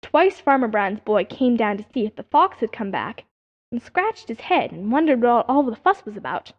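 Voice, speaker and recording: A woman narrating a children's animal story as an audiobook reader, in an expressive storytelling manner. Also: fairly high pitch, normal speed. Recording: dull lo-fi audiobook recording.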